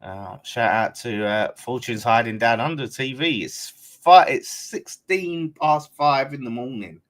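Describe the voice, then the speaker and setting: A man's voice: mid-range voice, unhurried, fairly bright tone. A man hosting a live football fan stream, chatty and loose with plenty of swearing. His voice sits in a middle register with an everyday, unforced delivery. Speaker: fan channel host.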